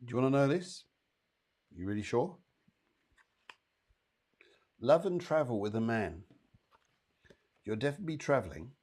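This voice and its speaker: A man's voice: mid-range voice, expressive, moderate pace, pauses often, darkish tone, husky. A man hosting a live psychic show and giving readings, chatty and upbeat, addressing viewers by name. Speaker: psychic medium and show host.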